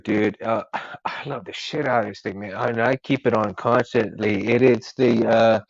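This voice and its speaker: Man, casual live-stream host, rambling and friendly, gravelly, dull lo-fi audio. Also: mid-range voice, no echo. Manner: rambling, friendly, calls everyone dude and man. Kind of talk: casual chat.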